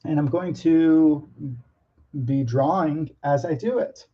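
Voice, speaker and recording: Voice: medium pitch, slow pace, highs cut off, background noise. An artist talking casually to camera about drawing, hesitant and nervous, with many ums and restarts and some self-mocking asides.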